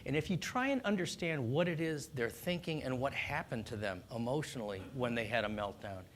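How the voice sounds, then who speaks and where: Male doctor, mid-pitched, calm and instructive, faint low rumble behind. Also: a little fast. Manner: calm, earnest, instructive, with small restarts. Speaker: doctor giving parenting advice. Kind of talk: explanatory talk on child discipline.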